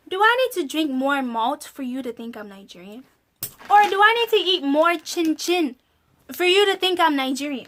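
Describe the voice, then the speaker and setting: Young woman vlogger, high voice, casual, laughs a lot. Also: moderate pace, a little hiss or hum. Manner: animated, laughs often, exasperated. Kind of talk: casual storytelling to camera.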